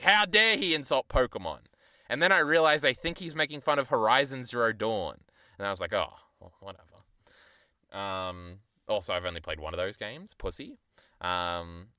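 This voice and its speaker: A man's voice: mid-range voice, sharp tone, smooth, no echo, clean studio sound. A young man streamer rambling in a casual, profane, self-deprecating way while he chats to his viewers.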